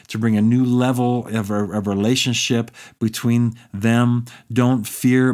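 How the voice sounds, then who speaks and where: Male pastor, lower register, casual pulpit delivery, slips into voicing prayers. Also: darkish tone. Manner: conversational preaching, acts out quoted prayers. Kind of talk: sermon.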